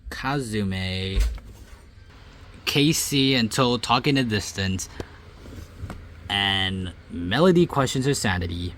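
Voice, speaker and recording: A young man casually reading out game results and reacting with loud, surprised outbursts. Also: on the low side, expressive, slow, pauses often, a little hiss or hum. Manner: reads results aloud, then breaks into loud surprised outbursts. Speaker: gaming YouTuber reading a simulator.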